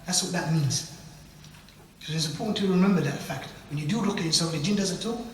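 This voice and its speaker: A man's voice: on the high side, fairly quick. A man giving an informal religious lecture on ruqya, acting out dialogues and dropping in Arabic phrases. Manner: animated, acts out dialogues, uses Arabic phrases. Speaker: ruqya teacher. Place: mosque hall. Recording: echoey hall from far off, faint noise.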